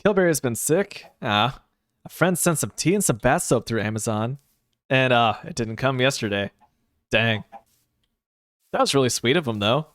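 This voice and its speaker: A man's voice: mid-range voice, expressive, moderate pace, long pauses, fairly bright tone, no echo, clean studio sound. Sleepy, wry male game streamer. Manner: rambling, wry and sarcastic asides. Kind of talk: casual chat while gaming, answering chat.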